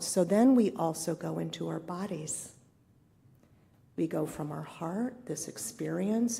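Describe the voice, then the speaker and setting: A woman's voice: deep voice, creaky, warm tone. A middle-aged woman giving a conversational, reflective sermon as a spiritual leader, often asking her listeners questions.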